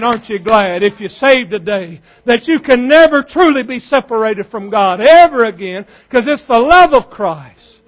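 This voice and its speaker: A man preaching a sermon fervently, building up to shouts. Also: high voice, expressive, moderate pace.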